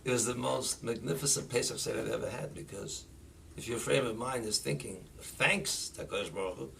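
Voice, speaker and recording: A man, a rabbi, giving an animated sermon full of stories, rising to near-shouting when he drives a point home, recorded from a distance. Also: medium pitch, a little fast, vocal fry. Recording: voice distant from the mic, faint background noise.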